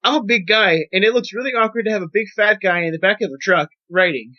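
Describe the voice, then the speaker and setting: A young man telling a rambling, profane, animated story on a podcast as its host. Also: high-pitched, fast talker. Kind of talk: casual storytelling. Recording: dull lo-fi podcast audio.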